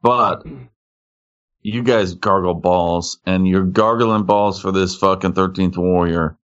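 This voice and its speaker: A man's voice: sits low, steady tone, slow, clean tone. A man co-hosting a casual podcast, teasing the others with crude jokes and laughing often. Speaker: podcast co-host. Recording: dull lo-fi sound.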